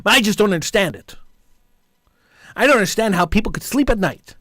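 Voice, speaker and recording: Impassioned talk radio host, dry studio. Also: male voice, high-pitched, expressive, fairly quick, sharp tone, dry recording. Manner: impassioned, indignant, repeating phrases for emphasis. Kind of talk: call-in talk radio monologue.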